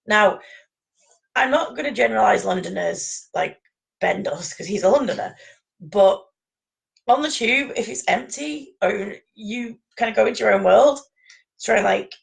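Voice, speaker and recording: A woman's voice: mid-range voice, normal speed, creaky, low-quality recording. A woman telling rambling anecdotes in casual chat, laughing often.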